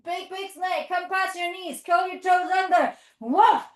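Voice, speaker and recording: Woman, children's yoga teacher. Bright, high voice, playful and sing-song, in an echoey studio. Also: little pitch movement, moderate pace. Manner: playful sing-song cues with barking and animal noises; encouraging step-by-step instruction. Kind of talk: leading a playful toddler yoga class. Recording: echoey room.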